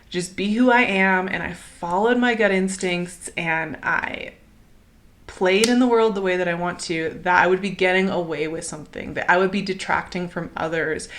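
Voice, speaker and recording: A woman giving a casual, encouraging tarot reading, chatty and enthusiastic, often laughing and asking "right?". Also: on the low side. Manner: chatty, warm and encouraging, many "like" and "right?" fillers. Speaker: tarot reader.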